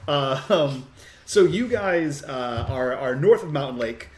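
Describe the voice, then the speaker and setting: A man running a tabletop game as game master, narrating in an unhurried way with many fillers. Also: mid-range voice, expressive, slight background noise.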